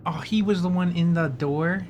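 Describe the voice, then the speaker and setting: A woman's voice: on the low side, moderate pace, noisy background. A young woman playing a video game with a friend, making wry, joking remarks. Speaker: game streamer. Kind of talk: casual let's play commentary.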